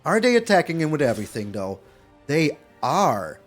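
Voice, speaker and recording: High, lively male game streamer. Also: normal speed, soft background music. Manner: animated, repeats phrases, frequent mild swearing. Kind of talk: live gameplay commentary.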